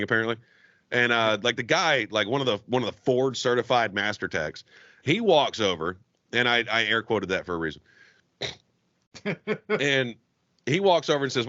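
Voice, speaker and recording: Cussing mechanic guy telling a story, sharp bright voice, kinda muffled lo-fi podcast mic. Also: on the low side, dry recording. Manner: heavily profane, animated ranting. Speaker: podcast guest, auto technician. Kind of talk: casual storytelling chat. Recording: dull, dry lo-fi podcast audio.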